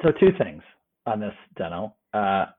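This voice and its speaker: A man co-hosting a podcast in casual chat, animated, laughing and swearing often. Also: on the low side, a little slow. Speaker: podcast co-host. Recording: tinny phone-like line.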